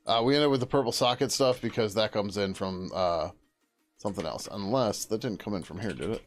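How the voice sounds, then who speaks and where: A man's voice: lowish voice, a little fast, soft background music. A man thinking aloud as he works through code on a live stream, muttering to himself, trailing off and swearing casually. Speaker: software developer streaming his work.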